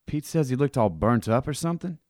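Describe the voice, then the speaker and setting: A man's voice: mid-range voice, lively intonation, a little fast, darkish tone, no room sound, clean studio sound, lightly acted. A man playing a polite, mild-mannered schoolteacher in a radio drama. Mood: calm. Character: polite middle-aged male schoolteacher, calm.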